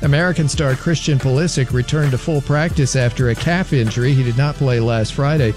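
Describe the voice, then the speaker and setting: A man reading the sports update on a radio show, brisk as he runs through scores. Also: medium pitch, music in the background. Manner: brisk, reads scores and ad copy.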